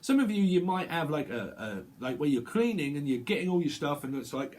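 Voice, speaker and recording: A man's voice: on the high side, sing-song, brisk, hardly any pauses, darkish tone. A man giving a casual tarot reading, chatty and rambling, full of fillers and restarts. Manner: acts out little quoted voices, bursts of laughter. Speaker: tarot reader.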